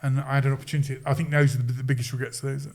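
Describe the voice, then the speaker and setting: A man guest on a podcast, telling stories in an animated, casual way and acting out quoted voices. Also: medium pitch, very fast. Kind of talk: casual storytelling.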